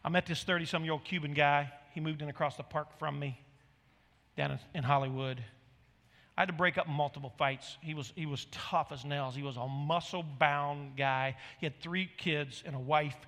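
A middle-aged pastor preaching with animated, emphatic storytelling. His voice is high and bright. It carries a long reverb from a large hall. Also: normal speed. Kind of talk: sermon storytelling.

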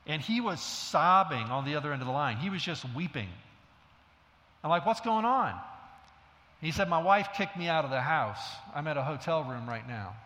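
A man's voice: fairly high pitch, lively intonation, normal speed, sharp tone. A middle-aged male pastor preaching a sermon, telling stories in a conversational way with self-deprecating humor. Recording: long hall reverb.

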